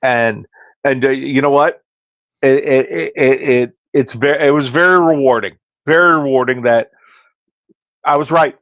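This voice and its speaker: A man's voice: mid-range voice, a little slow, a bit bright, no room sound, highs cut off. A man hosting a podcast and working as a hairstylist, telling stories in casual chat and acting out the dialogue in them. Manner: storytelling, acting out quoted dialogue.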